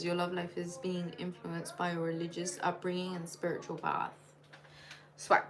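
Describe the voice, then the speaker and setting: Casting: woman, low voice, chatty tarot reader on a live stream, cards shuffling, noticeable noise. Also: rough recording. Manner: chatty, addresses each sign by name, playful nicknames.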